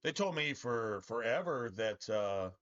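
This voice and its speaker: Bright-voiced, rambling middle-aged male streamer. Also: mid-range voice, expressive, a little slow, highs cut off. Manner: rambling, profane, opinionated. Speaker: game streamer. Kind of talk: casual live-stream chat while gaming.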